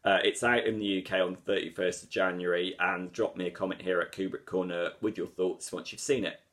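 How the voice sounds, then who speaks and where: A man's voice: low-pitched, fairly even intonation, a little fast, a bit bright. A man giving a solo video film review, articulate and emphatic, often repeating words for stress.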